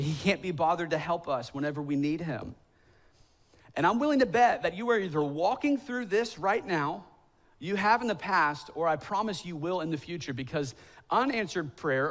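His voice sits on the high side and sounds a bit bright as this thirtysomething pastor preaches in a church sanctuary. He mixes self-deprecating stories with acted-out quotes, climbing to emphatic pleas in prayer.

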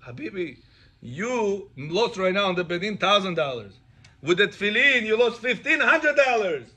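A man's voice: high-pitched, very animated, normal speed, pushed and bright, slightly rough. A man teaching a class as a rabbi, telling stories and acting out the dialogue with animation. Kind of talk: storytelling Torah class.

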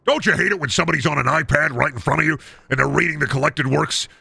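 A man's voice: a little high, fast talker, vocal fry, bright, forceful tone, slightly rough, no echo. A man who is a gaming streamer, riffing through absurd comedic stories on stream with frequent swearing. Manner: absurd, self-aware storytelling, swearing.

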